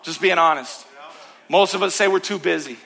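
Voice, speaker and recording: Male pastor, sermon, high voice, punchy and emphatic, loud and hushed turns. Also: moderate pace, vocal fry. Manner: emphatic, rhythmic repetition, swings between loud and hushed. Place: church.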